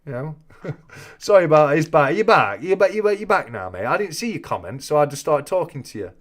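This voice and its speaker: A man's voice: on the high side, big pitch swings, fairly quick. A man hosting a casual live chat, joking and reading out viewer comments. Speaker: host of a coin-collecting live chat.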